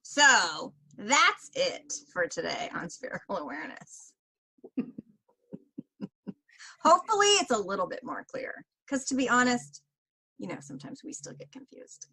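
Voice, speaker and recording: A woman's voice: mid-range voice, very animated, a little slow, long pauses, pushed and bright, husky, rough recording. A woman co-hosting a podcast, talking casually with many fillers and easy laughs. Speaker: podcast co-host. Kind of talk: casual chat.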